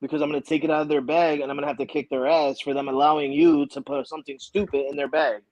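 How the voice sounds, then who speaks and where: A man's voice: on the high side, animated, quick pace, creaky, a little mellow, no room sound, highs cut off. A man co-hosting a casual sports chat, blunt and mock-exasperated, swearing freely.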